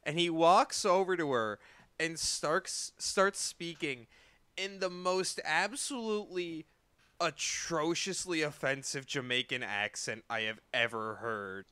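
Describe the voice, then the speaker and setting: A man co-hosting a podcast in casual chat, animated and laughing often. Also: a little high, takes it slowly, clear, resonant tone, no echo. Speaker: podcast co-host.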